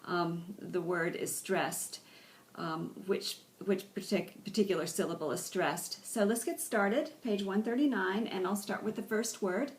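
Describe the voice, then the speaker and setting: A woman ESL teacher slowly and carefully pronouncing vocabulary words, repeating each one several times for her students. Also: medium pitch, darkish tone. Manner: slow, careful enunciation with repetition. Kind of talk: vocabulary pronunciation lesson.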